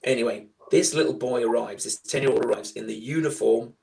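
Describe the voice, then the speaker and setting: A man telling a long personal story as a guest on an online live chat. He acts out the voices of people he talks about and keeps the telling lively. His voice sits at an ordinary middle pitch for a man. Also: brisk, vocal fry. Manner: animated storyteller, acts out dialogue.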